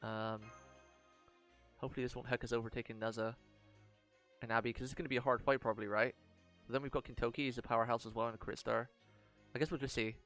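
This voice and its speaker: A man streaming a mobile game live, reading out the story and reacting excitedly as he plans his team. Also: medium pitch, fast talker, long pauses, soft background music. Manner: excitable, reacts loudly, talks through strategy.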